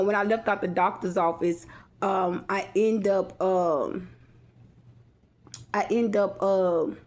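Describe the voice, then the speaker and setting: A woman tells a personal story straight to her viewers in a loose, chatty vlog. She rambles, restarts her sentences and keeps checking in with her audience, in an everyday mid-range voice. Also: mid-range voice. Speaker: vlogger.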